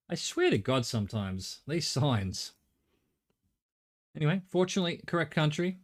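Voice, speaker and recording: A man's voice: a little high, very animated, moderate pace, pauses often. A middle-aged Australian man streaming a game, thinking aloud in a rambling way and swearing casually. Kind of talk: live gameplay commentary.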